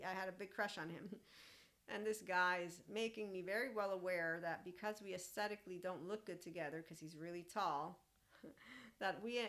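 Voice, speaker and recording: A woman's voice: lowish voice, a bit bright. A woman hosting a podcast, talking casually and animatedly, often laughing and acting out quoted lines. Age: young adult. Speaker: podcast host and mentor. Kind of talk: casual monologue.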